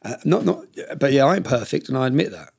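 A man's voice: medium pitch, big pitch swings, quick pace, vocal fry, a little mellow, husky. A middle-aged man, intensely telling his life story as a podcast guest, rambling with many restarts. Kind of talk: emotional personal storytelling.

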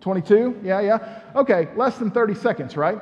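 A man's voice: high-pitched, animated, moderate pace, darkish tone, in a large hall, dull audio. A man preaching a sermon in a conversational, storytelling way, asking the congregation questions as he goes. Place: church sanctuary.

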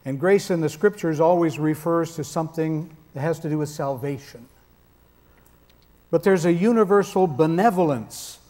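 A man's voice: a little high, moderate pace, dark tone. A man preaching a sermon in a conversational, emphatic way with touches of dry humor.

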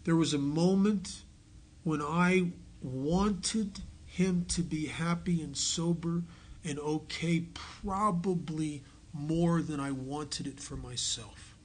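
A man's voice: fairly high pitch, takes it slowly. Earnest man telling his recovery story. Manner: earnest storytelling, drops to a hush on key lines. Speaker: AA speaker. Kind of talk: recovery talk to a meeting. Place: meeting hall.

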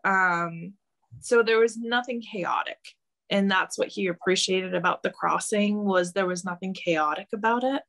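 A woman with a gravelly edge to her voice relays answers as a medium. She talks haltingly, with frequent ums and pauses, now and then breaking into laughter. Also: medium pitch, fairly bright tone. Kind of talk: channeling interview, relaying quotes.

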